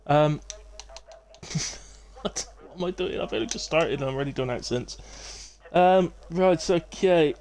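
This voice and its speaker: A man's voice: fairly high pitch, slow, darkish tone. A middle-aged man hosting a racing-league live stream in casual talk, rambling and self-deprecating with many fillers and restarts.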